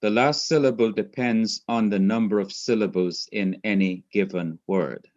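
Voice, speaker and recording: A man's voice: on the low side, normal speed, darkish tone, highs cut off. A man teaching a class, explaining step by step, repeating his points and quizzing a student. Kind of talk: class lecture.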